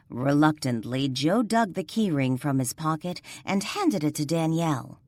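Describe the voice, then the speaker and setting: A woman narrating an audiobook in an even storytelling delivery. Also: sits low, normal speed, few pauses, dry recording, clean studio sound. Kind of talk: scripted narration.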